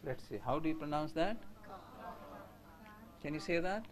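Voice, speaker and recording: A man lectures in a relaxed, conversational way. His voice sits a little high, and he keeps putting questions to the listeners. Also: normal speed, a little hiss or hum. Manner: conversational, asks the audience questions. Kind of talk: lecture to teachers.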